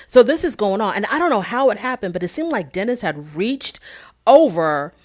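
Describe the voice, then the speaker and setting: A woman casually recapping a reality show as host, telling the story in an animated way and acting out what people said. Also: mid-range voice, fairly quick. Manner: animated storytelling, acts out quotes.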